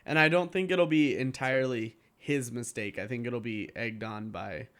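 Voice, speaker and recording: A man's voice: mid-range voice, moderate pace, fairly bright tone. A man co-hosting a podcast in casual chat, talking loosely with lots of filler words. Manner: loose, rambling, heavy on "like". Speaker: podcast co-host.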